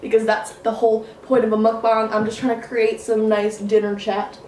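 Chatty young woman with a high voice. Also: completely flat delivery, moderate pace, a little mellow, slight background noise. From Canada. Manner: chatty, swears casually, jokey. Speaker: vlogger. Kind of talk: casual mukbang chat while eating. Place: room at home. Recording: echoey room, mic at a distance.

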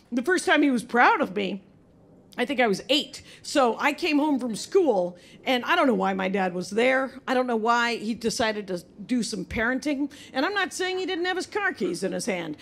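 A middle-aged American woman performing a stand-up routine, telling stories in a dry way and quoting others quickly. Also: high voice, a bit bright. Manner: dry storytelling, quick quoted asides. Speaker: stand-up comedian. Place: live comedy show with audience. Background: audience laughter.

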